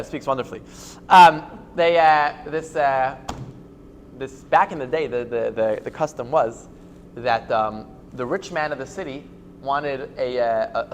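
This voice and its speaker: High-voiced rabbi teaching with halting fillers. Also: male voice, a little hiss or hum. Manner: halting, many fillers and restarts. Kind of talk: informal Torah class with jokes.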